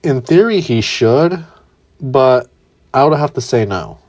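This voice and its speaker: Man as blunt young super soldier, calm, slow. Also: medium pitch, dry recording.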